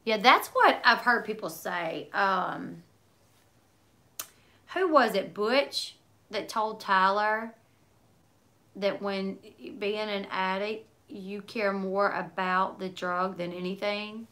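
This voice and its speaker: A chatty woman in her thirties talks to her viewers in a relaxed, meandering way, answering their comments as they come in. Her voice has a bright, forward edge, and her sentences run on with lots of likes and asides. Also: mid-range voice, takes it slowly. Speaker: livestream host reading viewer comments. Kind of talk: casual chat.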